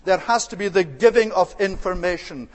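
A man with a high-pitched voice preaches a sermon. His delivery is earnest and deliberate, with occasional hesitant fillers. The sound carries a long reverb, like a church hall. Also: lively intonation.

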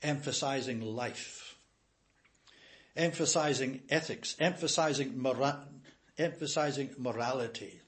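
A man's voice: medium pitch, measured pace. An older man preaching a sermon in an earnest, emphatic way, repeating key phrases.

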